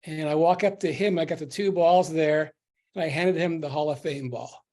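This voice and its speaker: Man, audience member, earnest, grateful, slightly high voice. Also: fairly even intonation, normal speed, a little mellow. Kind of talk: casual comment in a video session.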